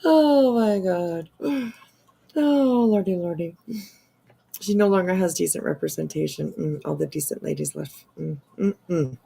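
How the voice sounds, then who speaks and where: A woman live-streaming her sarcastic take on online drama, talking slowly in a low, gravelly voice. Her tone is husky, and she draws out her exclamations and swears casually as she chats. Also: dark tone.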